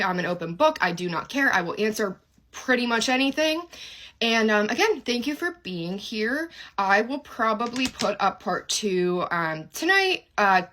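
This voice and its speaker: A woman talks straight to her viewers about her own past in a relaxed, unscripted way. She fills pauses with ums. Her pitch sits at an ordinary middle level. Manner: informal, lots of ums, speaks straight to viewers. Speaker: storyteller. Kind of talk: casual chat to viewers.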